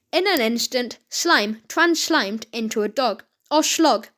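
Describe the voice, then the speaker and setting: A woman reads a children's story aloud at a slow, careful pace. Her voice sits high, and she often stumbles and restarts a phrase before going on. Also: lively intonation, fairly bright tone. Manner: halting reading with frequent slips and restarts.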